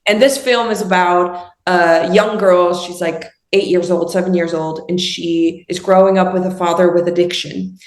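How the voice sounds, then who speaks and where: A woman's voice: on the low side, fairly even intonation, moderate pace, hardly any pauses, reverberant. A woman from the Netherlands, speaking English with a Dutch accent as a filmmaker guest in a casual interview, thoughtful and often searching for words.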